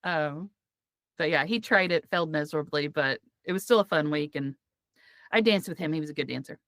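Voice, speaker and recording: Chatty woman with a low voice. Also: fairly quick, fairly bright tone, no echo, clean studio sound. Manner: chatty storyteller, laughs often. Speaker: podcast host. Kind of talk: casual podcast chat.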